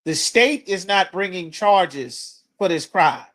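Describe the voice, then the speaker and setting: High-voiced, blunt male scripture teacher. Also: lively intonation, slow. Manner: blunt, forceful preaching with coarse language. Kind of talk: street-corner scripture teaching.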